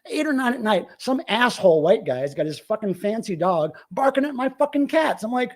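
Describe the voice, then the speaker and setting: Excitable male host with a high, bouncy voice, ranting profanely while telling a story. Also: a little fast. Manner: animated, profane, excitable rant. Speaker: live show host. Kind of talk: casual storytelling on a live stream.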